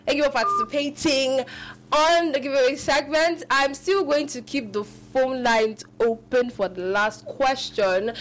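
A woman hosting a live radio call-in show, animated, often laughing and restarting her sentences. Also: high-pitched, measured pace.

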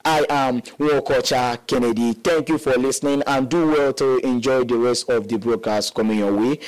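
A man reading the morning news in a steady, formal way on a campus radio station. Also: medium pitch, normal speed, poor audio. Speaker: newsreader.

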